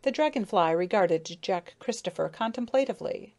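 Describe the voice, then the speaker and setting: A woman narrating a storybook as an audiobook, in steady, clear storytelling. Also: medium pitch, moderate pace.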